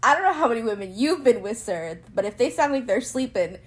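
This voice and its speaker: Woman with a lively voice reacting. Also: a little high. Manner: laughing listener, quick blunt reactions. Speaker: podcast co-host. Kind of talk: casual chat.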